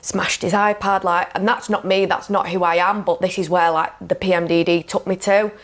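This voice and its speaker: A woman with a somewhat low voice talks candidly as a podcast guest. She is frank and emotional, and her speech is full of "like" and "you know". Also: fairly even intonation, moderate pace. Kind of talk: candid conversational storytelling.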